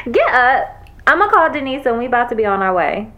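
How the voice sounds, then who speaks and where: An actress playing an excited young woman friend delivering big news in casual slang. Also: on the high side, moderate pace, lo-fi sound. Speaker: Ivy.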